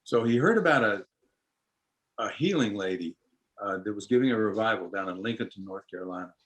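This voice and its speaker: A man telling an old story in an interview, unhurried and folksy, lightly acting out the voices of its people. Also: on the low side, lively intonation, poor audio. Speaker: storyteller and musician.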